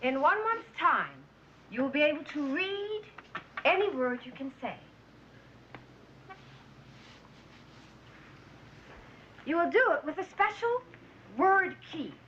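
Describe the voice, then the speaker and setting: An actress playing a firm, devoted schoolteacher who patiently encourages struggling children. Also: female voice, high voice, sing-song, moderate pace, fairly bright tone, slight background noise. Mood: instructive. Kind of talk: film drama acting. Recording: slightly dull film soundtrack.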